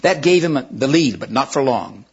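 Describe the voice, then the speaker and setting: Husky guy reading a kids book aloud, kinda halting, muffled lo-fi sound. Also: mid-range voice, expressive. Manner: plain, somewhat halting retelling with restarts. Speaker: storyteller. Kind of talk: retelling and reading a children's novel aloud. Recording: dull lo-fi recording.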